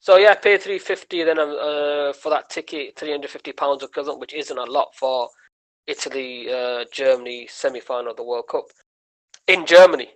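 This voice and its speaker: A man's voice: mid-range voice, normal speed, rough recording. A man, a comedian guest on a podcast telling a story and acting out the voices of the people in it. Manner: animated, acts out quoted voices.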